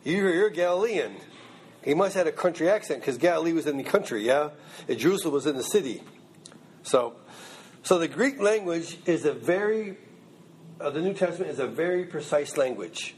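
A man's voice: fairly high pitch, animated, a little fast, husky. A man teaching a Bible class in a loose, conversational way, often checking in with his listeners. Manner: conversational, checks in with "okay?" and "you know what I mean?". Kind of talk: informal Bible class lecture.

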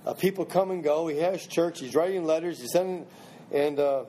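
A man's voice: a little high, moderate pace, mellow, a little hiss or hum. A man teaching a small Bible study group in a conversational way, restarting phrases and checking in with questions.

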